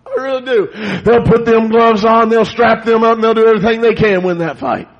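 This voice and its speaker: A man preaching a fiery revival sermon, building to shouts in bursts. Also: extremely high pitch, a little fast. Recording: dull lo-fi church recording.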